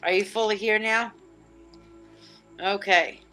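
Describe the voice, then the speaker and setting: With faint music behind her, a woman speaks slowly in a medium-pitched voice. She hosts a live psychic stream, chatting casually, joking, and animatedly reading comments from viewers aloud.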